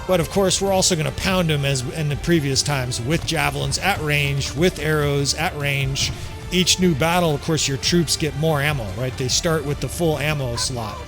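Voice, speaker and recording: A man's voice: fairly high pitch, moderate pace, over music. A man giving casual strategy game commentary, joking and swearing as he plays, chuckling often. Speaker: gameplay commentator.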